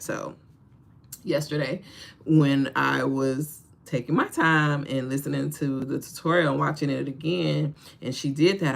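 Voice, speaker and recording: Lively gravelly-voiced woman livestreaming. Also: rumbling low. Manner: animated, laughs often, talks straight to viewers; preachy encouragement to the audience. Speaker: livestream host. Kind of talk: casual livestream chat.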